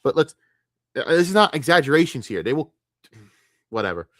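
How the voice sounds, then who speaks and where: A man's voice: on the high side, very animated, a little fast, fairly bright tone, dry recording, studio quality. A man ranting angrily as a streamer reacting to clips, profane and emphatic. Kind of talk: heated commentary rant.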